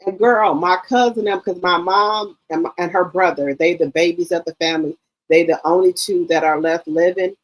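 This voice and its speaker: A middle-aged woman hosting a livestream, chatting in a casual, animated storytelling way and calling her listeners baby and girl. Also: fairly low pitch, normal speed, rough recording. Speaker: livestream host.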